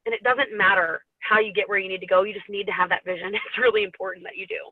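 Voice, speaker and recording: A woman's voice: mid-range voice, steady tone, fast, dry recording. A woman talks her sales team through goals in a loose, rambling way, laughing often. She sounds a little teary and sniffly. The audio is thin and phone-like, with no room sound at all. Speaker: network marketing team leader. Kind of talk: casual motivational talk. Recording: tinny phone-like line.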